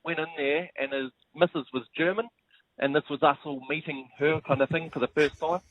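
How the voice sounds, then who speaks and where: A man's voice: on the high side, steady tone, brisk, slight background noise. A man calling in to a radio show, casually telling a funny story and chuckling as he goes. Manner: chuckles through his story. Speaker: radio caller. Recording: dull phone-line audio.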